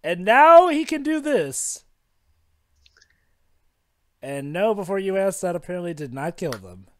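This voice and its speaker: Slow-talking excitable man commenting. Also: sits high, dry recording. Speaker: movie commentary co-host. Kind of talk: casual movie commentary.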